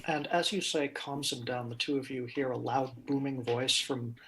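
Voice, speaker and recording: A man narrating as game master, calmly explaining the setting. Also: mid-range voice, moderate pace.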